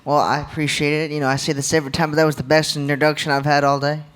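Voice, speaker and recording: Upbeat man with a high voice, church talk, keeps asking the crowd questions. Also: level tone, very fast, noisy background. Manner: jokey, engages crowd with questions. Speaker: church leadership speaker. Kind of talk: live church leadership talk. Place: church gathering, live audience.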